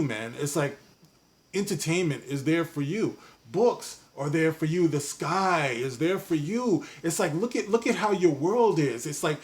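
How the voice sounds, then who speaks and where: A man giving a casual commentary rant, rambling and repeating "you know what I mean". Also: a little high. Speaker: commentary vlogger.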